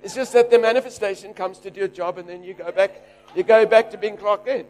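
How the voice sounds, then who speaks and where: High-voiced preacher man telling a story. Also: fast. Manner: animated, shouting and laughing through a story. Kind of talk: sermon storytelling.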